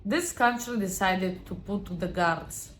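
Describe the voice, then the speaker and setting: A woman's voice: mid-range voice, slow pace, slight background noise. Earnest woman giving motivational advice. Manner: earnest, emphatic, with restarts. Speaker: vlogger. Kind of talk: motivational talk to camera.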